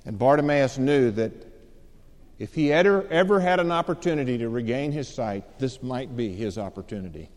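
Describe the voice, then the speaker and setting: A man's voice: mid-range voice, lively intonation, moderate pace, a little mellow. A man preaching a sermon, telling a story dramatically and acting out the voices of its people. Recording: long hall reverb.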